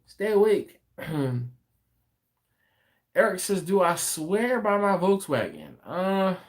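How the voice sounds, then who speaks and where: A man's voice: sits high, huge pitch swings, takes it slowly. A man hosting a late-night live stream from home, chatting casually and reading viewer comments aloud with an easygoing laugh. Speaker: host of a barbecue channel livestream.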